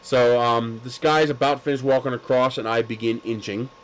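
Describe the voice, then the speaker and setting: On a rough-sounding recording, a livestream host with a medium-pitched, steady voice talks briskly. He tells stories in casual chat, laughing a lot and cracking crude jokes.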